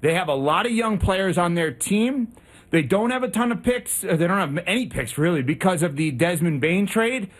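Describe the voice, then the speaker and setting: A man's voice: sits high, normal speed. A man hosting sports talk radio, out of breath and talking through his analysis. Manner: animated, talkative analysis.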